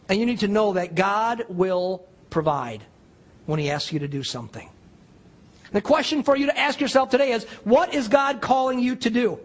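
A man's voice: high-pitched, slightly rough. A middle-aged man, a pastor, preaching a sermon in an earnest, conversational storytelling manner.

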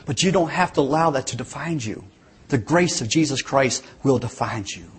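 A male preacher with a deeply husky, raspy voice at a middling pitch. He delivers his sermon in an earnest, dramatic storytelling way, leaning hard into key words. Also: fairly quick.

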